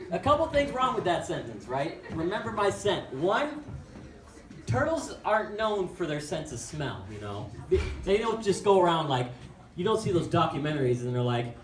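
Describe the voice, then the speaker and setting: A man's voice: a little high, big pitch swings, moderate pace, background noise. A young man doing stand-up, telling a story in a rambling, self-mocking way full of fillers. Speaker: stand-up comic. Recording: echoey room from far off with crowd.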